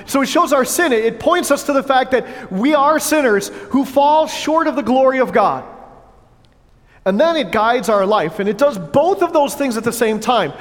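A pastor preaching a sermon in a church, earnest but breaking into playful asides to the congregation on a wireless mic. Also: male voice, extremely high pitch, lively intonation, moderate pace. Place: church sanctuary. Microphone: wireless headset or lapel mic with battery pack. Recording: long church hall reverb.

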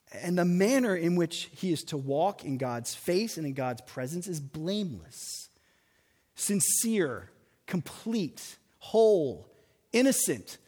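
Man preaching with a lively, rising voice. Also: fairly high pitch, husky. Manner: animated preaching with dramatic pauses and emphatic single words. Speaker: pastor. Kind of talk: sermon. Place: large church hall. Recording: reverberant sanctuary sound.

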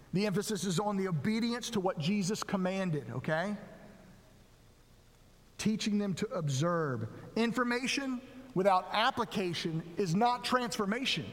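A man preaching a sermon as pastor, reading scripture with rising emphasis. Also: fairly high pitch. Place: church sanctuary. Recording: long reverb of a large hall.

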